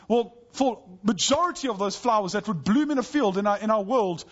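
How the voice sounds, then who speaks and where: A man preaching a sermon to his church, earnest, dropping to a soft hush in tender passages. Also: high voice, breathy edge, highs cut off. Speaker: pastor.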